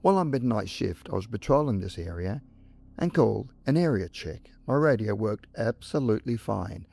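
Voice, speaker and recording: Low-voiced man narrating ghost stories. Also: big pitch swings, gravelly, a little mellow, husky. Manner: measured, dramatic pauses. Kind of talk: scripted ghost story narration.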